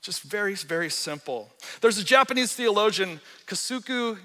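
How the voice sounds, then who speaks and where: A man's voice: high-pitched, expressive, normal speed, bright, forceful tone. A man in his forties preaching a sermon as a pastor, casual and storytelling, with self-deprecating humor. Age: 40s. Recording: reverberant hall.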